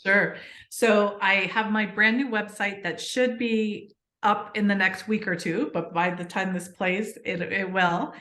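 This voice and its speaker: A woman's voice: medium pitch, measured pace, hardly any pauses, roomy sound. A woman guest on a podcast, chatting earnestly about her book and telling stories with lots of fillers. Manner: earnest, animated storytelling with many fillers. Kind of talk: casual interview chat.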